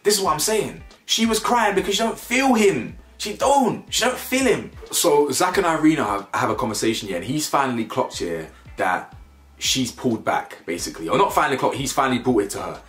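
A man's voice: medium pitch, sing-song, a little fast, a bit bright, roomy sound, soft background music. A young man giving a casual, slangy reality-show review, laughing often and repeating his words. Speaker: TV review vlogger. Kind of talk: casual reaction commentary.

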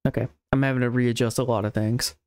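A man's voice: medium pitch, flat delivery, quick pace, darkish tone, clean tone, dry recording. A young man streaming a game, muttering to himself as he checks items and fixes his stream. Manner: muttering to himself while browsing. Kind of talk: casual live-stream commentary.

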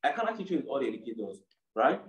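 A man's voice: medium pitch, very animated, rapid-fire, reverberant, distant mic, lo-fi sound. A man teaching an online trading boot camp in a casual lecture style, often checking in with "do you understand?". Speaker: trading course educator. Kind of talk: live online lesson.

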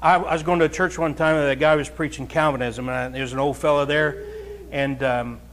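A man's voice: fairly high pitch, steady tone, fairly quick, fairly bright tone. A pastor preaching a conversational, folksy sermon to his congregation, chatting with listeners and then building to emphatic, raised points.

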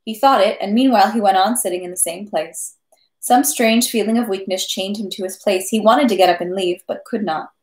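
A woman reading a classic novel aloud at a steady pace, with small slips and self-corrections. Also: mid-range voice, a little fast. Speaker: reader of a novel. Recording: echoey room.

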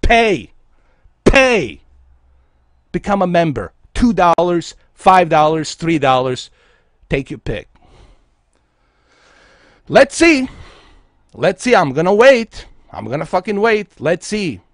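A man's voice: on the high side, lively intonation, moderate pace, no room sound, studio quality. A man from Bosnia, a game streamer delivering an aggressive, profane, taunting livestream rant at his viewers.

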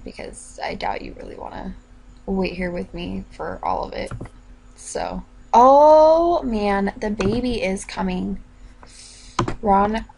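A woman's voice: medium pitch, vocal fry, a little hiss or hum, low-quality recording. A woman hosting a let's play video, chatting casually to viewers and coaxing her game characters along. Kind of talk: casual gameplay commentary.

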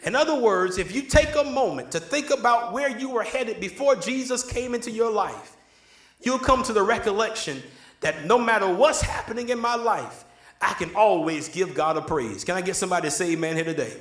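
A high-pitched, animated pastor delivers a brisk sermon in a church sanctuary, his slightly bright voice echoing through the room. He asks for amens in call-and-response style.

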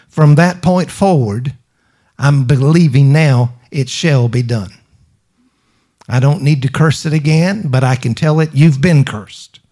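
A middle-aged man with a rather high, slightly mellow voice preaches a sermon with emphasis. He fires off rhetorical questions, repeats phrases, and calls for the congregation to respond.

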